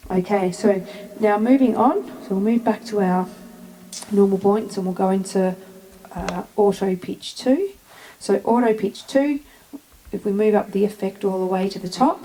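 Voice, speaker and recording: A woman's voice: mid-range voice, moderate pace, mellow, slight background noise, poor audio. A woman walking through a product demo step by step, explaining each function in a plain tutorial manner. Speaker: music gear demonstrator.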